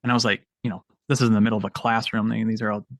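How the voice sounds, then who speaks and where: A man, a military veteran, telling a story on a podcast in a halting way, often repeating words. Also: lowish voice, little pitch movement, no echo.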